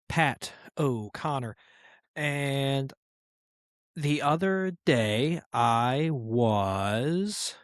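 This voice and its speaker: A man in his thirties hosts a comedy podcast, rambling through stories with casual swearing. His voice is smooth and clear, at a middle pitch, and it is recorded close and dry. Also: no echo. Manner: rambling storyteller who swears casually and acts out quoted voices. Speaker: podcast host.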